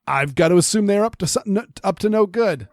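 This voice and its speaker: A man co-hosts a podcast in casual conversation, rambling with plenty of restarts and fillers. His voice sits high with lively intonation, a quick pace and a darkish tone. The recording is dry, with clean studio sound.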